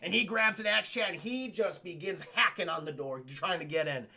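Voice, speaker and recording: This is a man with a high, gravelly voice and a bright, forceful edge, talking his way through a film recap for a live chat. He swears freely, calls out to the chat, and snaps into quick impressions of the characters as he goes. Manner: animated, acts out characters' lines in quick changes of voice; swears a lot and keeps addressing the chat. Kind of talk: casual, profane scene-by-scene film recap.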